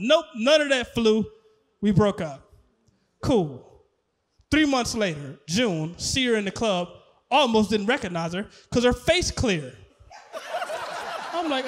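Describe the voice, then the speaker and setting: High-voiced man doing stand-up. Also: slow pace, pauses often. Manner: animated, breaks into laughter and shouts at punchlines. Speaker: stand-up comedian. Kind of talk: stand-up comedy set. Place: comedy stage before a live audience.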